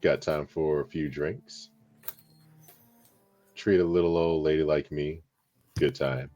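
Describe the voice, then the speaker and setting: A man voicing a flirtatious female adventurer sweet-talking a sailor in a tabletop game, in his own deep voice. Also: fairly even intonation, slow, dark tone, muffled recording, soft background music. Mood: flirty.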